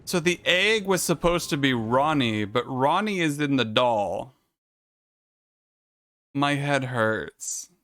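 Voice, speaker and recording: A man's voice: medium pitch, expressive, unhurried, few pauses, a bit bright. A man casually commenting on a game he is streaming, thinking aloud and talking to his chat. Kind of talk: casual gaming livestream commentary.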